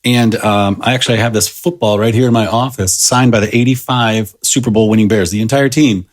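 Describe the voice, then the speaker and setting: A man in his thirties, a podcast guest, telling a personal story in a casual, halting way with many fillers and restarts. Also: on the low side, fairly even intonation.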